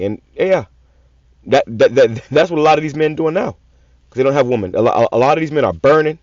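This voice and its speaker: A man's voice: mid-range voice, lively intonation, brisk, a little mellow, no echo. A man preaching scripture in a raw, profane style, repeating words in stammering runs and swearing often. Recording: dull lo-fi sound.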